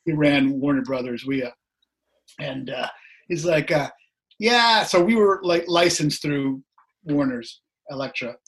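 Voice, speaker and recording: In a casual chat, a middle-aged musician guest shares a story, frequently laughing and mimicking the voices of people he quotes. He has a slightly rough, a little high voice and takes an unhurried pace.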